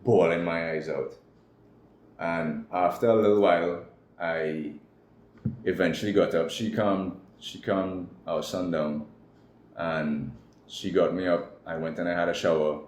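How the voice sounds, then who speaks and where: A man with a Trinidadian accent and a very deep voice tells a raw, candid personal story as an interview guest. The room sounds echoey, with a faint hum of noise behind him. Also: steady tone, measured pace, a little mellow.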